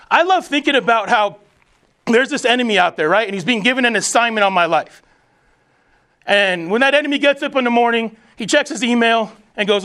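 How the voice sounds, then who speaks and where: Emphatic high-voiced man giving a motivational speech. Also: fairly bright tone. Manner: emphatic, declarative, preacherly. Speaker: motivational speaker, military veteran. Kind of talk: inspirational speech to soldiers.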